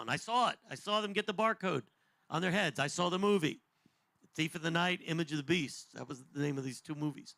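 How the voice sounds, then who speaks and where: A man in his fifties giving a conversational, animated end-times Bible teaching as a podcast host, jokey and digressive. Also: high-pitched, vocal fry, dry recording. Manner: animated, jokey, digressive, acts out voices in quotes.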